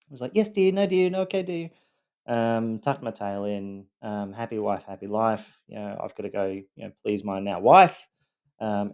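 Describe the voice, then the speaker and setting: A man's voice: fairly low pitch, a little mellow. A man with an Australian accent, telling his own story in a loosely scripted monologue, rambling with many ums and a wry, self-deprecating edge.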